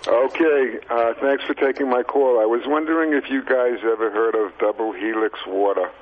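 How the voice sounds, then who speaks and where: Guy calling into a radio show, tinny phone line, a bit of hiss, lowish voice, kinda hesitant. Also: normal speed. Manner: hesitant, searches for words. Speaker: caller. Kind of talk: phone call-in question.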